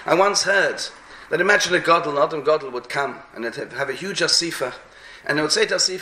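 A man's voice: fairly high pitch, expressive, quick pace, pushed and bright, reverberant, a little hiss or hum. A man giving a sermon as a rabbi, telling stories and often repeating words as he searches for the next phrase, with Hebrew and Yiddish terms mixed into his speech. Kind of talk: sermon with storytelling.

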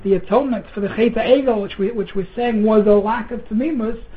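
Guy teaching torah, earnest, stumbles and repeats, clears throat, sounds tinny like a phone. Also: high-pitched, brisk. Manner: earnest, repeats words, mixes Hebrew terms into English, clears throat often. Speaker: rabbi giving a Torah lecture. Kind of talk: sermon.

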